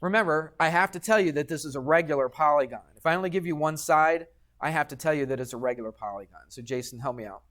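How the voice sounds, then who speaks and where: A patient, talkative math teacher moves at a quick pace through geometry in class, his fairly bright voice pitched a little high for a man. He punctuates his explanations with "okay?" to check on his students.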